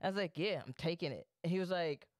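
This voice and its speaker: Young guy podcast host, smooth voice kinda high, tells stories loud and swears a lot, dry sound. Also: fast talker, no room sound. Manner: animated storyteller, swears freely, acts out quotes. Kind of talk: casual storytelling chat.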